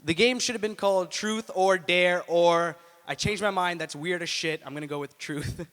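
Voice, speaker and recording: A man's voice: high voice, moderate pace, a bit bright. A man in his twenties doing stand-up at an open mic, offhand and profane with lots of filler words. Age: 20s. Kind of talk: stand-up comedy. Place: small indoor student venue. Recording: live room with long reverb.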